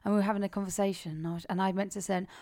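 A woman's voice: medium pitch, little pitch movement, very fast, warm tone, slight background noise. A woman co-hosting a podcast in casual chat, blunt and teasing, swearing freely. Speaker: podcast co-host.

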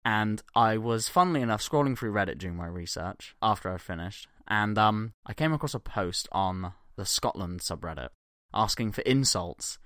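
A man's voice: fairly low pitch, lively intonation, moderate pace, hardly any pauses, a bit bright, no echo, studio quality. A man co-hosting a podcast in casual banter, profane and jokey, laughing often. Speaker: podcast co-host.

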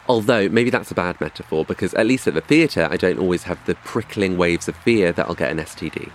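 A man's voice: low voice, fairly quick, a little hiss or hum. A young man from England telling a scripted comic story in a wry, dry, self-mocking way. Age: young adult.

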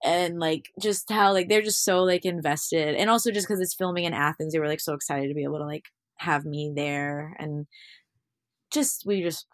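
A young woman with a notably low voice talks in a loose, candid interview style, stringing thoughts together with fillers and acting out her own remembered lines. The recording is dry and close, with no room sound. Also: normal speed, no room sound. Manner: chatty, full of fillers, acts out quotes. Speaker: actor and musician, guest. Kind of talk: casual interview chat.

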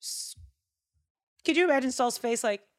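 Animated, chatty woman telling a Bible story. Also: sits high, moderate pace. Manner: animated, chatty, jokey asides.

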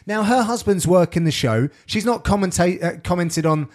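A man hosting a podcast, telling stories in casual chat with animated, sweary delivery. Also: high-pitched, moderate pace. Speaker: podcast host and sports commentator.

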